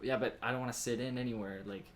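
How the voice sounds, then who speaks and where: A man's voice: medium pitch, steady tone, quick pace. Rambling young man hosting a podcast. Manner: rambling storyteller, filler-heavy. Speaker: podcast host. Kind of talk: casual chat. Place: home with dogs. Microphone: podcast mic with headphones.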